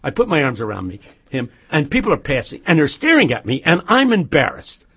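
A man talking as a radio guest, telling stories in an animated, joking way and dropping to a hush for serious points. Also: on the high side, a little fast, slightly rough. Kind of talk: casual chat and storytelling.

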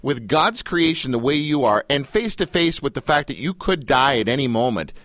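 A male host with a bouncy, lively voice that swings up and down as he jokes and trips over his questions. The sound is close and dry, with no room around it. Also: mid-range voice, a little fast, no echo. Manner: jokey, animated, stumbling restarts. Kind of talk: casual radio interview.

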